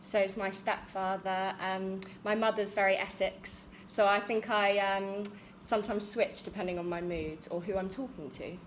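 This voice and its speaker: A woman's voice: medium pitch, fairly even intonation, a little hiss or hum, poor audio. Young english woman with a southern accent, chatty, lots of ums, guest teacher on a live stream. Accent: standard southern English. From England. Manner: chatty, with many "um" pauses.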